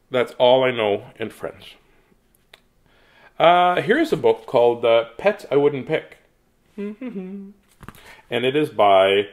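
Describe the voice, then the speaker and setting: A man reads children's picture books aloud in a playful, joking manner, adding asides to his viewers. His mid-range voice is a bit bright.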